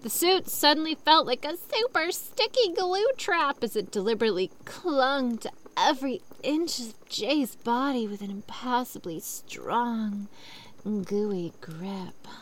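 Reading a story aloud a little slowly, a young woman with an animated, high-leaning voice breaks off again and again into sarcastic rants. She swears freely and gets loud in bursts, commenting on the story for an online audience.

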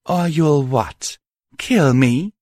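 A man's voice: mid-range voice, sing-song, unhurried, slightly rough, dry recording, clean studio sound. A man voicing a cruel female alicorn villain who mocks and gloats in a taunting manner.

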